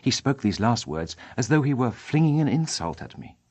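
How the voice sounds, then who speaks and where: A man narrating an audiobook in a measured, dramatic reading style. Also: medium pitch, big pitch swings, a little mellow, no room sound. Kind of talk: scripted narration.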